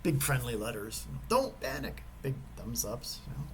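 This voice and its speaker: A man giving a motivational talk and telling a personal story. He is animated and swings between loud emphasis and hushed whispers. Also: mid-range voice, moderate pace, creaky, slight background noise, poor audio. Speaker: motivational speaker.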